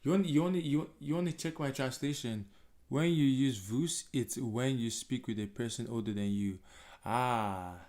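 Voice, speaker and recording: Excitable man practicing phrases aloud. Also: mid-range voice, moderate pace. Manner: excitable, repeats himself while practicing. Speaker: vlogger learning French. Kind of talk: casual self-taught language practice.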